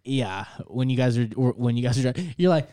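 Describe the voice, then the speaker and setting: A man's voice: medium pitch, animated, fairly quick, warm tone. A man, co-hosting a podcast, telling rambling stories full of swearing and laughter. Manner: rambling, laughing mid-story, heavy swearing. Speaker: podcast co-host. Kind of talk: casual storytelling chat. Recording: podcast studio before a live audience.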